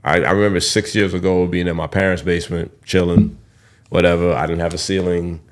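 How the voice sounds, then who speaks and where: A man's voice: deep voice, flat delivery, a little fast. A young man hosting a podcast, talking candidly in a rambling, casual way and swearing freely. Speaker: podcast host.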